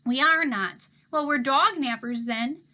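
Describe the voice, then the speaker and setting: Lady doing a squeaky fretful little brother, keeps asking stuff, bright high voice. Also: very animated, moderate pace, heavily acted. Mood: worried. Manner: pleading, repetitive questioning. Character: whiny anxious young boy, little brother.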